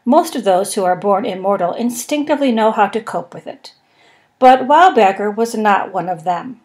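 A woman's voice: medium pitch, animated, moderate pace, darkish tone. Woman reading a story aloud. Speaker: podcast narrator. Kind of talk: audiobook reading.

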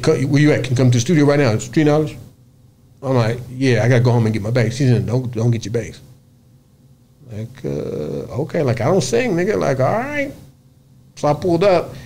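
A man who plays bass, guest on a radio interview, telling a story in a lively, profane way, acting out other people's voices and humming bass lines. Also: slight background noise. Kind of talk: animated storytelling in casual interview. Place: radio studio.

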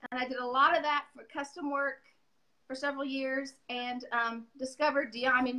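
A middle-aged woman with a high, bright voice chats loudly on a livestream over her phone. She rambles, jokes at her own expense and struggles to stay on point. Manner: talkative, loud, self-deprecating, rambling. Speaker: guest furniture painter. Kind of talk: casual livestream chat. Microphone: phone on a video call.

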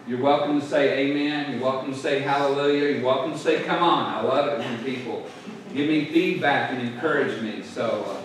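Preaching pastor in an echoey church. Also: male voice, medium pitch, brisk. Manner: call-and-response preaching, urging the congregation to answer aloud. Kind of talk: sermon. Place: church sanctuary. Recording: echoey church room, voice from a distance.

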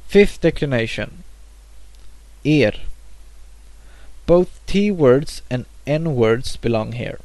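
A man giving a grammar lesson at a very slow, deliberate pace, pausing after each example word. His voice is dark and mellow, recorded dry and close with no room sound. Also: medium pitch, expressive, no echo. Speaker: language teacher.

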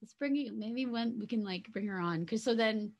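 A woman's voice: on the high side, normal speed. A woman co-hosting a book club podcast in casual chat, joking playfully and cheering on her co-host.

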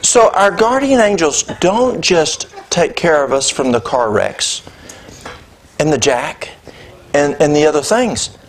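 A man preaching a sermon, telling a personal story in a conversational, animated way. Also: on the high side, slow pace. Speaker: pastor. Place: church.

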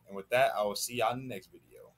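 A man's voice: fairly low pitch, steady tone, fast talker. A man hosting a reaction video, chatting casually and rambling with frequent stutters and laughs.

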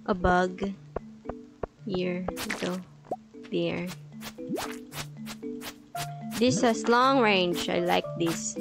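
A woman's voice: lowish voice, fairly even intonation, slow, creaky. A woman casually commenting on her own gameplay, playfully chatting at the enemies and giggling often. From Philippines. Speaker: gaming channel host. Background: background music.

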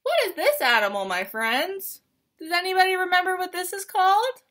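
A woman's voice: extremely high pitch, big pitch swings, moderate pace, pushed and bright. A young woman teaching preschool, reading a picture book aloud at circle time in a sing-song, encouraging way for toddlers.

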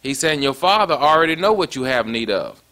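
A man's voice: medium pitch, big pitch swings, a little fast, pushed and bright. A man preaching a sermon in a conversational way, often stopping to ask "you see that?". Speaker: pastor.

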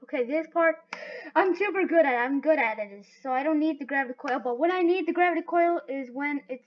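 Woman w/ a high voice yelling and chattering thru a game, kinda muffled lo-fi sound. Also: fairly quick. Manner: excitable, talks to herself while playing. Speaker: gaming video host. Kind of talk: live gameplay commentary. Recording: dull lo-fi recording.

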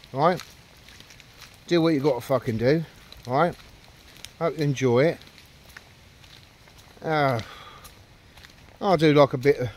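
A man's voice: medium pitch, a little hiss or hum. A man vlogging outdoors with his dogs, rambling and ranting, heavy with swearing and self-deprecating jokes. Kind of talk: casual rambling vlog.

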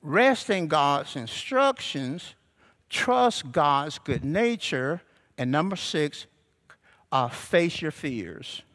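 A man preaching a sermon as pastor, calling out to the congregation and building to shouts. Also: on the high side, animated, drawn-out words. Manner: call-and-response preaching, rising to shouts. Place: church sanctuary.

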